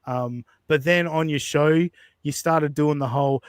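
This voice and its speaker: A man hosting a casual commentary show, blunt and profane in his delivery. His voice sits a little high, and the sound is dry and close. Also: moderate pace, no room sound. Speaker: podcast host.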